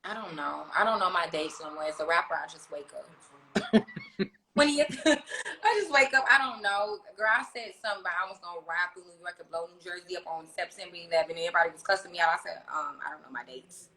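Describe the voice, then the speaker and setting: A woman rapper chatting on a livestream, telling stories in a brash, profane, animated way. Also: on the low side, fast, roomy sound, low-quality recording. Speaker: rapper on tour, guest on a livestream. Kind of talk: casual livestream chat. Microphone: phone.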